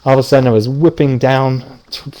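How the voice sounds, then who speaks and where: A middle-aged man with a soft, mellow voice tells a dream to a live audience in easy conversational speech. He jumps into quoted lines with a lifted, livelier voice, then settles back into the story. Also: mid-range voice, steady tone, fairly quick. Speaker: lucid dreaming teacher. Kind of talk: casual talk retelling a dream to an audience.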